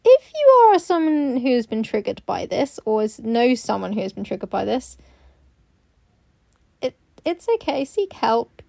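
A woman with a slightly high voice, talking casually as a podcast co-host. She is chatty, swears freely and laughs often. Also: very animated, unhurried, vocal fry, warm tone. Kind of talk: casual chat.

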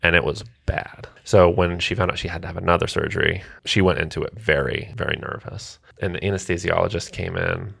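A man with a very low, gravelly voice, speaking as a guest in a studio interview. He is a parent telling a story with relaxed, wry humor. His tone stays easy and conversational. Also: a little fast, hardly any pauses.

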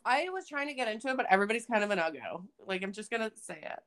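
A woman's voice: medium pitch, expressive, racing, a bit bright. A young woman co-hosting a podcast while fighting a cold, chatting bluntly with lots of swearing and playful mock rants. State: has a cold, coughing. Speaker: podcast co-host. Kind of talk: casual chat.

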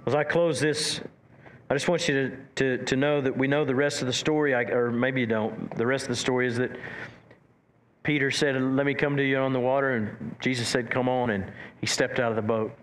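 A man preaching a sermon as pastor, animated, stumbling over repeated words and acting out quotes. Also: mid-range voice, brisk, slight background noise.

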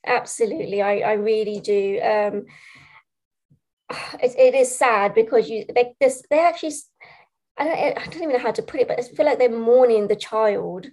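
A woman's voice: on the high side, normal speed, darkish tone. A middle-aged woman, a speech practitioner and parent, talking earnestly in an interview, often repeating words and saying "you know". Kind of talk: conversational interview.

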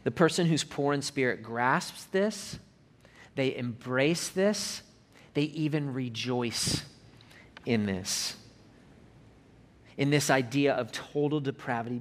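A man preaching a sermon as pastor, slowing down and dropping his voice when reading scripture and hymn lines, and rising in pitch and force as he builds to a climax. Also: a bit bright.

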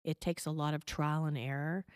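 Middle-aged woman, parenting guest, patient explainer, lowish voice, dry close recording. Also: fairly even intonation, normal speed, smooth, no room sound. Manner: patient, explanatory, checks in with "okay?". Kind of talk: conversational advice interview.

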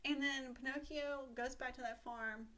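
A woman's voice: high-pitched, fairly even intonation, moderate pace, a bit bright. A young woman co-hosting a podcast, retelling a story in a chatty, casual way with profane, laughing asides. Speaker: podcast co-host.

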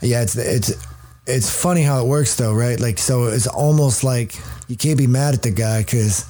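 A man's voice: mid-range voice, normal speed, dark tone. A man in his thirties in candid casual conversation, blunt and heavily profane, often restarting his sentences.

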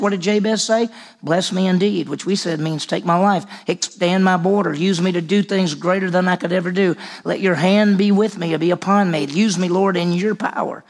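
A man, a senior pastor, preaching a conversational sermon, quizzing the congregation and dropping to a hush on key lines. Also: a little high, vocal fry.

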